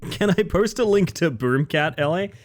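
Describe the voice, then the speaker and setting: A man streaming a game live, chatting to his viewers in a casual, excitable way and often breaking into laughter. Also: a little high, moderate pace.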